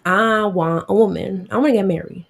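A woman's voice: medium pitch, normal speed, creaky. A woman voicing a headstrong young man who is set on his own choice. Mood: stubborn. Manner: stubborn, offhand.

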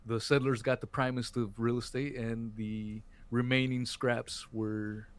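Man, podcast host, casual chat, mid pitch, rambling, says "dude". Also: level tone, measured pace.

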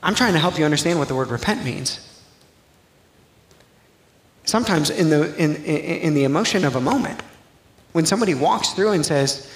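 A pastor preaching a sermon in a casual, conversational way that builds to loud, emphatic passages. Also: male voice, on the high side, moderate pace. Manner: conversational preaching, rising to near-shouting emphasis. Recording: echoey live church sound, faint noise.

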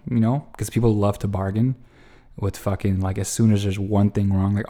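A man spins a long, meandering anecdote, cursing freely and tripping over his own restarts. His voice sits slightly low and has a dark, mellow tone. He sounds exasperated as he recounts his frustrations. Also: normal speed. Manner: rambling, profane, lots of restarts; exasperated, animated retelling. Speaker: storyteller. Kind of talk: casual anecdote monologue.

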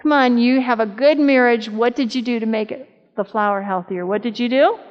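A woman's voice: fairly high pitch, fairly quick. A woman in her fifties giving a conversational, humorous sermon at a church camp meeting, telling stories and asking the audience questions. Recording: dull sound with long hall reverb.

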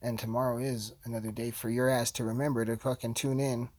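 A man's voice: mid-range voice, level tone, fast talker, darkish tone. A man hosting his podcast, ranting in a heated, profane, casual way. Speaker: podcast host.

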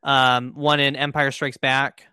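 A man co-hosting a podcast, chatting casually in a relaxed, hesitant way with many fillers. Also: mid-range voice, a little slow, clean tone, no room sound. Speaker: podcast co-host. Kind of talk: casual chat.

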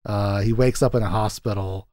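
A man's voice: lowish voice, fairly even intonation, moderate pace, dark tone, no echo. A man hosting a podcast in casual film chat, laughing often and acting out scenes as he retells them. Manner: chatty, laughs often, acts out quotes from scenes. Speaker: podcast host.

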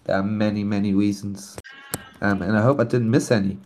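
A man's voice: lowish voice, fairly even intonation, a little fast, a little mellow, a little hiss or hum. A man whose first language is not English, speaking on a community voice call and announcing a nomination with many ums and restarts. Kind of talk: casual chat on a community voice call. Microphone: online voice call.

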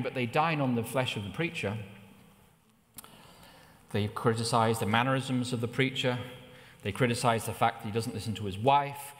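A middle-aged man preaching a sermon, telling personal stories with lively rises in pitch. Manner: anecdotal, with animated rises in pitch. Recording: long hall reverb.

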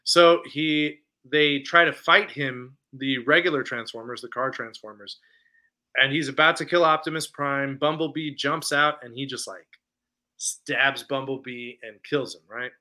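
A man's voice: medium pitch, measured pace. A man co-hosting a podcast, chatting casually and animatedly about a film he saw. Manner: animated retelling, acts out lines from scenes; conversational with many fillers. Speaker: podcast co-host reviewing films. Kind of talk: casual chat.

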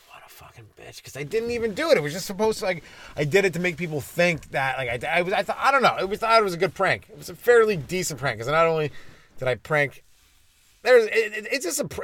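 A man's voice: fairly high pitch, very animated, fast talker, fairly bright tone. A man from Ontario, hosting a comedy podcast in a rambling, crude, ironic monologue that keeps interrupting itself. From Ontario, Canada.

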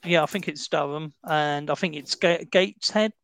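A man's voice: fairly high pitch, moderate pace, fairly bright tone, no room sound. A British man chatting casually about a film, explaining with asides and restarts. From Britain.

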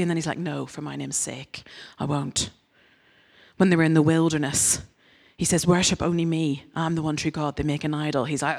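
A woman giving a lively, humorous sermon, acting out quoted voices with big leaps up in pitch. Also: normal speed. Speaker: preacher. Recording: long hall reverb.

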